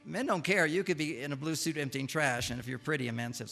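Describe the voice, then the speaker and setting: An older man giving a humorous lecture to a live audience, an animated storyteller who acts out the lines he quotes. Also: on the high side, fast, gravelly, hardly any pauses. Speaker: speaker giving a talk.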